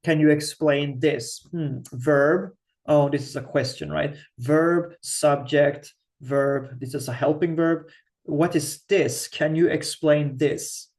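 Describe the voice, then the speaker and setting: Slow, patient male language teacher. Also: fairly high pitch, fairly even intonation, darkish tone. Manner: thinks aloud, slow and patient, frequent restarts. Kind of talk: screen-share grammar lesson.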